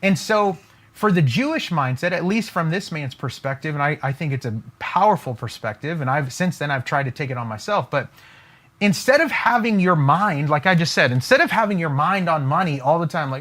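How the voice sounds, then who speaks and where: A man's voice: a little high, animated, brisk, fairly bright tone. A man giving a motivational talk on business, emphatic, repeating and rephrasing his key points. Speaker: online business coach.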